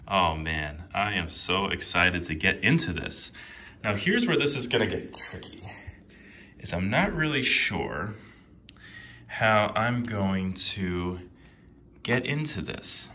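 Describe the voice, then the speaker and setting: A young man with a lowish voice talks slowly as he fights with a package, grunting and muttering under his breath. He gets strained and winded. There is a steady noise behind him in the recording. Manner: grunting and muttering through effort, slow, dropping to whispers. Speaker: product reviewer. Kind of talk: comedic unboxing vlog.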